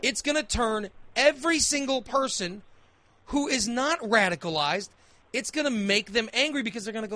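A man's voice: extremely high pitch, animated, normal speed, pushed and bright. A man hosting a talk radio show, arguing his point emphatically and repeating phrases as he builds his case. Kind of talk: opinionated talk radio debate.

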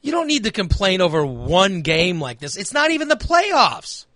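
A man's voice: high-pitched, huge pitch swings, moderate pace, bright, forceful tone, no echo. A man hosting a talk radio show, ranting in a heated, emphatic way and repeating phrases for emphasis. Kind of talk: opinionated talk radio rant.

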